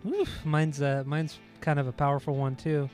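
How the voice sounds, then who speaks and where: A man's voice: fairly high pitch, little pitch movement, normal speed, darkish tone, soft background music. Joking young man with a throat tickle. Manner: joking, teasing, stumbling over foreign names. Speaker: podcast co-host reviewing beer. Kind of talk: casual chat.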